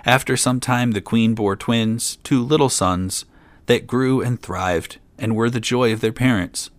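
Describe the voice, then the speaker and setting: A man's voice: fairly low pitch, a little slow, dry recording. A man reading an old fairy tale aloud, with dry asides of his own. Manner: reads plainly, drops in dry asides. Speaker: storyteller.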